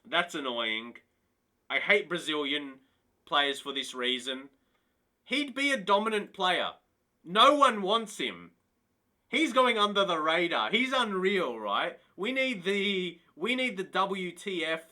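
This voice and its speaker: A man streams a football management game and talks straight to his chat, excitable and quick to burst into disbelief. His voice sits high and sounds very bright and forward. He speaks at an unhurried pace. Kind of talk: casual live-stream commentary.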